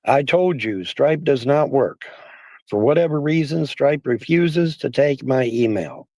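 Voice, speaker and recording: A man's voice: mid-range voice, expressive, a little slow, a little mellow, dry recording. A man streaming casually, rambling and repeating himself with many fillers, his voice worn down by the cold. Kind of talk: casual livestream talk.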